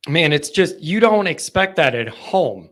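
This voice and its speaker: A man hosts a live call-in chat, his voice pitched high and bright. He talks in a frustrated, rambling way and often breaks off to restart his sentences. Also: big pitch swings, a little slow. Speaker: podcast host.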